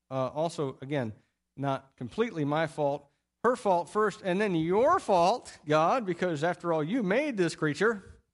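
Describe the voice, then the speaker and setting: A middle-aged man preaching a sermon as pastor, telling the story in an animated way with playful acted-out quotes. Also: sits high.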